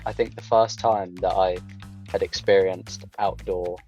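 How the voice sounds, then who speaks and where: A man's voice: low voice, little pitch movement, a little slow, darkish tone, faint music behind. A young man, a drama student, telling his story casually in an interview, chatty and full of fillers, joining online. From Coventry, England. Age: young adult. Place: online call.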